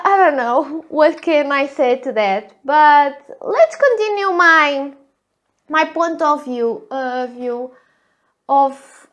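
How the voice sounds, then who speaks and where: A woman from Portugal, speaking with her native Portuguese accent, hosts a thoughtful solo podcast. Her voice is thin, squeaky, and girlish, and she frequently stops on hesitant fillers.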